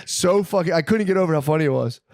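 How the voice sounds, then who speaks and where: A man's voice: on the high side, quick pace, a little mellow, no echo, studio quality. A man co-hosting a comedy podcast, telling crude stories in casual chat and laughing through them while acting out strangers. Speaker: podcast co-host.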